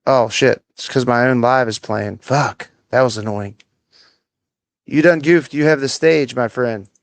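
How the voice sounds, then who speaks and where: A man's voice: medium pitch, a little slow. A young man hosting a livestream, chatting in a rambling, offhand way full of casual swearing. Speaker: livestream host.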